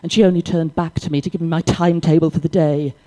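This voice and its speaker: An older woman from Wales, performing a stand-up comedy story with dry delivery and sudden loud acted shouts. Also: sits low, steady tone, fast talker. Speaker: stand-up comic. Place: library comedy gig.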